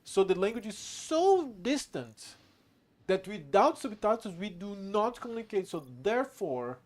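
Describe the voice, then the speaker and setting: Man, higher pitch, livestream commentary, argumentative, profane. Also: sing-song, measured pace. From Brazil. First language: Brazilian Portuguese. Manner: argumentative, profane, answering chat. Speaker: gaming streamer.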